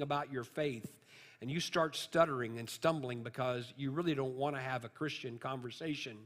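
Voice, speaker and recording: Male preacher, mid-pitched, storytelling sermon that swells to emphatic peaks, in a church with a long reverb tail. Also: fairly even intonation, normal speed, fairly bright tone. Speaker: pastor.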